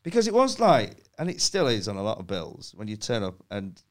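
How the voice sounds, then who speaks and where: A man's voice: on the low side, wildly swooping pitch, a little fast. A man, a comedian guest on a podcast, telling anecdotes in casual chat and laughing at his own stories.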